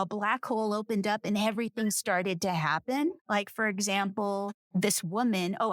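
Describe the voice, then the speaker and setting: A woman of about sixty, a podcast guest and author, telling a personal story and acting out quoted lines with lively jumps in pitch. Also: no room sound, studio quality. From United States.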